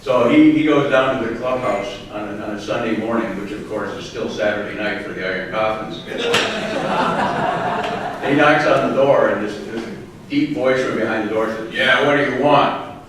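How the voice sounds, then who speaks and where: Man telling roast jokes in echoing hall. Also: fairly low pitch. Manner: halting delivery with many fillers and restarts. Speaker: roast speaker. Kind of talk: stand-up roast storytelling. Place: large hall with live audience. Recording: distant echoey hall recording with noise.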